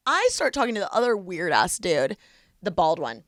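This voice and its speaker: A woman's voice: lowish voice, big pitch swings, moderate pace, fairly bright tone, no echo, clean studio sound. A young woman hosting a podcast, casually telling a story and imitating the people in it. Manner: chatty, imitates people in her stories. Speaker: podcast host.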